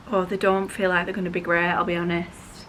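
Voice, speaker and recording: A woman's voice: lowish voice, fairly bright tone, a little hiss or hum. A young woman, heavily pregnant, chatting casually and gushing in a vlog, with the odd swear. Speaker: vlogger.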